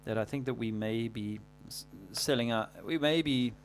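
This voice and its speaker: A man hosting a livestream, talking casually in a rambling, halting way full of fillers and restarts. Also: mid-range voice, faint music behind. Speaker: livestream host.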